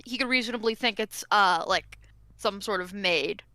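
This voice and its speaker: A woman playing a tabletop game who talks quickly and politely, with many hedges. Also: medium pitch, sharp tone, dry recording. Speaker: player. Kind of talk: casual tabletop play.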